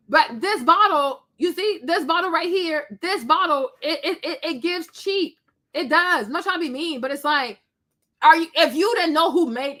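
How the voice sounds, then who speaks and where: A woman giving a blunt, sassy opinion rant, punctuating her points with emphatic repeated "okay?" and sometimes mimicking others in a squeaky voice. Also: pushed and bright. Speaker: commentary vlogger.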